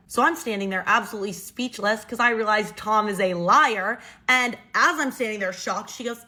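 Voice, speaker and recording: A woman in her twenties casually telling a dramatic storytime, chatty and animated, full of "like". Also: a little high, fairly quick, hardly any pauses. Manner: chatty, animated, many "like" fillers.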